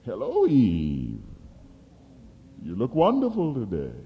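A man putting on a sly, smooth-talking serpent devil. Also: huge pitch swings, dull audio, full character voice. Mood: sly, coaxing. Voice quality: smooth, low and slow. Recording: long hall reverb.

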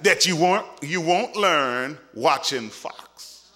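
A man preaching a sermon with real force and a tense, piercing edge to his voice. He speaks emphatically and repeats his points, and at times he pushes up to a shout. His pitch swings widely from line to line. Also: expressive, slow pace. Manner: emphatic and repetitive, rising to shouts.

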